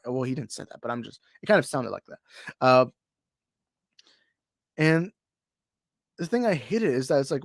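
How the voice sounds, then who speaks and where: A man's voice: mid-range voice, moderate pace, gravelly, pauses often, no echo, studio quality. A young man co-hosting a podcast in casual chat, rambling and heated, full of restarts. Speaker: podcast co-host.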